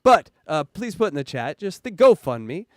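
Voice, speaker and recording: A man hosting a casual livestream, joking around and hyping donations in an excitable way. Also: high-pitched, moderate pace, no echo, clean studio sound. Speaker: livestream host.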